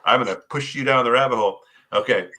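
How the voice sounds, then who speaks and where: A man's voice: medium pitch, quick pace, sharp tone. A male guest on a podcast explaining his views in an earnest, conversational way, often tagging "right?" onto his points. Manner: earnest, keeps asking "right?". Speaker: podcast guest, paranormal author. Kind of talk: conversational interview.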